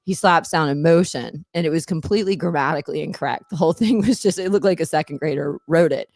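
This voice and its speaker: A woman's voice: low-pitched, quick pace, a little mellow, no room sound, studio quality. A middle-aged woman, a former attorney hosting a podcast, tells stories in casual chat, meandering and often laughing mid-sentence.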